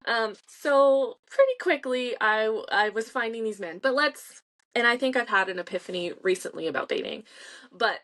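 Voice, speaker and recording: A woman's voice: on the high side, moderate pace, fairly bright tone. Woman, 30s, author guest, chatty, laughs a lot, acts out her inner dialogue. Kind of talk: casual remote interview.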